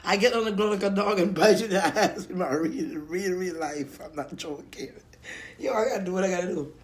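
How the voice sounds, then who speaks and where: A woman's voice: fairly low pitch, a little fast. A woman chatting casually on a live stream while eating, playful and talkative, greeting viewers by name.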